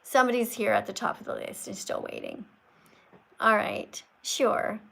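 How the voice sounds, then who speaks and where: A woman lectures a guest on her livestream. Her voice sits a little high, and she talks in an emphatic, scolding, preachy way that keeps driving her point home. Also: steady tone, normal speed, gravelly, pushed and bright, poor audio. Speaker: livestream host teaching veganism.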